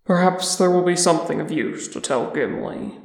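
A reader voicing a weary, grave male dwarf king who speaks quietly and solemnly. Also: mid-range voice, animated, normal speed, vocal fry, reverberant.

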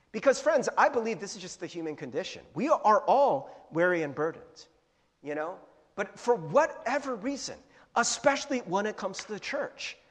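A young adult man preaching a sermon as pastor, casual and joking, acting out little voices. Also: high voice. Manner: animated, joking, acts out voices. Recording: long hall reverb.

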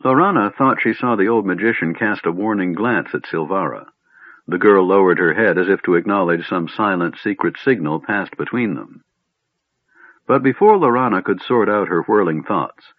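Guy reading a fantasy book aloud, low husky voice, phone-line sound. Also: moderate pace, no echo. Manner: expressive storytelling. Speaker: audiobook narrator. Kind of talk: scripted narration. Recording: narrow phone-like sound, dry.

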